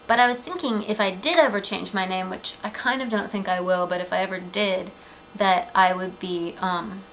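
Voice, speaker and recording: A woman in her twenties talking in a casual, earnest personal vlog, chatty, with frequent ums and quick asides. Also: mid-range voice, fairly bright tone, poor audio. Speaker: vlogger. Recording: 2008 webcam video, faint room noise.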